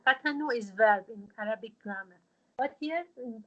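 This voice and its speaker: A woman, teaching a religious studies class over a video call and explaining patiently in a halting way, full of fillers. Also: a little high, muffled recording.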